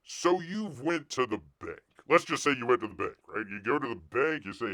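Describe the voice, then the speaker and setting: A man hosting a casual live stream, ranting with loud outbursts and muttered asides. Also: fairly low pitch, lively intonation, normal speed, few pauses. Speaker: livestream host.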